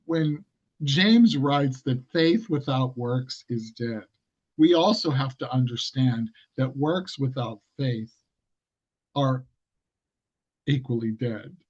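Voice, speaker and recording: A man's voice: medium pitch, takes it slowly, darkish tone, husky, lo-fi sound. A man giving an informal, conversational sermon, often correcting himself mid-sentence and laughing at his own asides. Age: older. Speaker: preacher.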